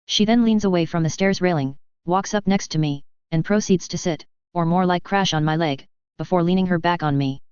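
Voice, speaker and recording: A woman narrating a first-person fan fiction story in a steady, even reading. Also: lowish voice, fairly quick, clean tone, dry recording. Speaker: story reader. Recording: dull lo-fi audio.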